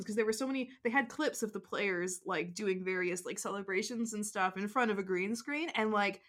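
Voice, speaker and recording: A woman co-hosting a casual sports podcast, talking in a chatty way with lots of "like" and quick "mm-hmm" backchannels. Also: fairly high pitch. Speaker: podcast co-host.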